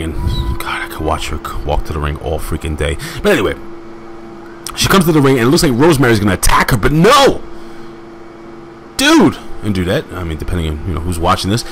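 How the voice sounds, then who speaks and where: A man casually recapping a wrestling show as host, rambling with excitable asides and plenty of fillers. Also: mid-range voice, a little hiss or hum.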